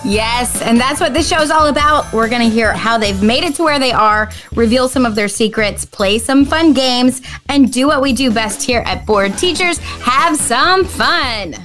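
A woman's voice: a little high, expressive, moderate pace, few pauses, fairly bright tone, soft background music. A woman co-hosting a podcast, teasing and joking with her co-host. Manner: teasing, giggly. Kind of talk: casual banter and scripted show intro.

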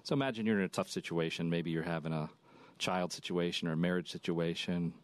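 A man, a radio station manager, recounting a story as a guest in a measured way. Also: deep voice, dry recording. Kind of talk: reflective talk-show guest.

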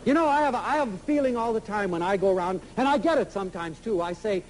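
A man giving an inspirational public lecture, emphatic and animated, acting out little dialogues as he speaks. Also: sits high, fast talker, hardly any pauses, slight background noise, rough recording. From United States.

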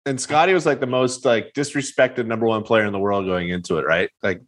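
A man chatting casually on a sports podcast as a guest. He tells stories with animated energy, swearing freely and switching voices to act out what others said. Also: on the low side, fairly quick. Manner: animated storyteller, swears, acts out quoted voices.

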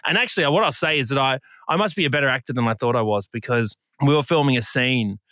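An Australian man in his thirties, a comedian and actor, chatting casually as a guest and telling animated stories full of acted-out voices and laughter. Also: mid-range voice, quick pace, no room sound, studio quality. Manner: animated storyteller, acts out voices, laughs often. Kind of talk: casual chat.

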